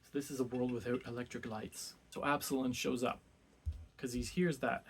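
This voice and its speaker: A young man retells a classic tale in a relaxed, chatty way. He keeps slipping into short put-on voices for the characters, then drops back to his plain voice at a mid pitch. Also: brisk, creaky, husky. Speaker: book club host. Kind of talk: casual retelling of a classic book.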